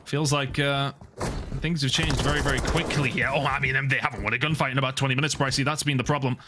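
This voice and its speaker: A man giving fast play-by-play esports commentary, bursting into excited shouts at big plays. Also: medium pitch, very noisy. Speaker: esports caster. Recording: loud game gunfire behind. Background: game gunfire and clicks.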